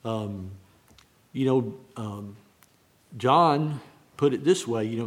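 A man preaching on a Bible verse, halting and restarting often, repeating key phrases slowly. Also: mid-range voice. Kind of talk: sermon, unscripted Bible teaching.

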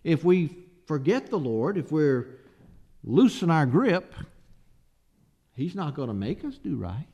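A man's voice: a little high, sing-song, slow, gravelly, long pauses, mellow, breathy edge, lo-fi sound. A man preaching a sermon, emphatic and asking the listeners rhetorical questions.

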